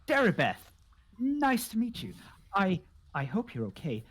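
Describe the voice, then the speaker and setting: A player voicing a lonely, odd woman gardener who lives underground, with a gasping, high, breathy voice. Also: wildly swooping pitch, slow, fairly bright tone, a little hiss or hum, full character voice. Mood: gentle.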